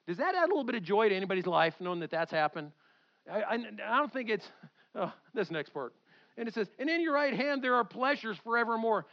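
A man in his fifties preaching a sermon from the pulpit, animated, shifting between loud outbursts and quiet intensity. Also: very high voice, highs cut off. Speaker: pastor. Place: church sanctuary.

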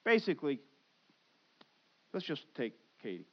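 A middle-aged man with a high voice preaches a sermon. He swings from loud, excited bursts to quiet, earnest asides and acts out the voices in his head. The recording sounds a little dull and lo-fi. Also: a little slow. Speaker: pastor.

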